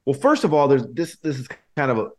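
A man's voice: mid-range voice, sing-song, fast talker. A man co-hosting a podcast, joking and teasing in blunt, profane casual chat. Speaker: podcast co-host.

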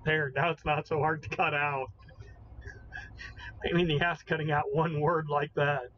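A man co-hosting a casual podcast, excitable and prone to swearing and exclaiming in disbelief, on a slightly muffled recording with faint noise. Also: fairly high pitch, a little slow. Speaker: podcast co-host. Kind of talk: casual chat.

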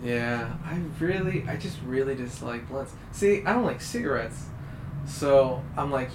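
A man's voice: medium pitch, animated, a little slow. A young man in casual chat, talking in a laid-back, reflective way with some swearing. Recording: roomy sound, faint hum.

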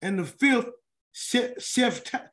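A man's voice: extremely high pitch, animated, takes it slowly, a bit bright. A man leading a weekly Bible word study. He reads scripture aloud and breaks off into chatty, colloquial asides, often stumbling and restarting over names. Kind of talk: scripture reading with casual commentary.

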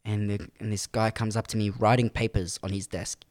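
A man's voice: lowish voice, brisk, no room sound, clean studio sound. A young man, telling a story animatedly in a casual podcast chat. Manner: animated, dramatic retelling with quoted voices.

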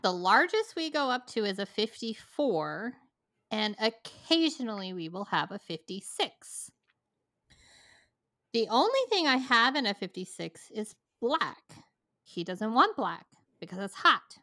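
Bright-voiced woman telling a story. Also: a little high, a little slow, dry recording. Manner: animated, laughing, profane. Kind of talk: casual storytelling.

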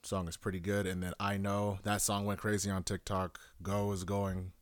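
A man's voice: deep voice, flat delivery, normal speed, no echo, clean studio sound. A young man hosting a solo podcast, rambling casually with lots of swearing and restarts. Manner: rambling, profane, self-correcting. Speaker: podcast host.

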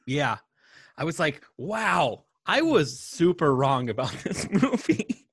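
A man's voice: fairly high pitch, big pitch swings, slow, a bit bright, husky. A man co-hosting a casual movie chat who laughs often and mimics voices animatedly. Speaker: podcast co-host.

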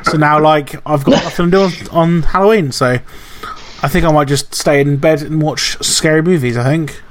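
A man chatting on a podcast with friends, his voice sitting a touch higher than most men's. He tells stories loosely, swears freely and keeps breaking into laughter. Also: normal speed, noisy background. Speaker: podcast co-host. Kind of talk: casual chat.

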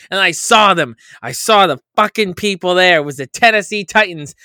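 A man's voice: high-pitched, a little fast, few pauses, bright, forceful tone, clean tone, no room sound, studio quality. A young man co-hosting a podcast, ranting casually with lots of swearing and mock-quoted asides. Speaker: podcast co-host. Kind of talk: casual fantasy football chat.

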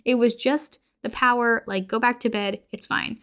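A woman's voice: on the high side, steady tone, moderate pace, fairly bright tone, close to an everyday voice. Woman putting on a casual husband, offhand, brushing off worries, in a film recap. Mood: dismissive. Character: casual dismissive husband, adult man. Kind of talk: podcast movie recap with quoted lines.

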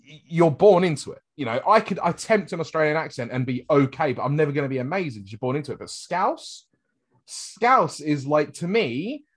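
British guy on a podcast, chatty and animated, pitch all over the place. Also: normal speed. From Britain. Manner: animated, laughs often, swears. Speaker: podcast host. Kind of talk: casual chat.

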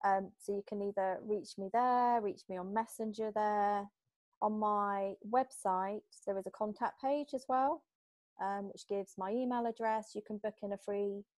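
A woman from Britain, a hypnotherapist guest in an interview, talking in a chatty, lively way and acting out little exchanges. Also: mid-range voice, no echo. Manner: chatty, animated, acts out little quoted exchanges. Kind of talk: casual interview talk.

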